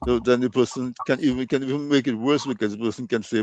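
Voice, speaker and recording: Man, mid-pitched, dry close sound, measured interviewer. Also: steady tone, darkish tone, no echo. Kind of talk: conversational interview.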